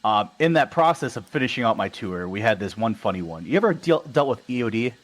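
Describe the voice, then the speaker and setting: A man's voice: lowish voice, fast talker, rough recording. A young man from Wisconsin, a podcast guest, casually telling stories and acting out the dialogue. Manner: animated, acts out quoted dialogue. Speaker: podcast guest, army veteran. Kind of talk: casual storytelling.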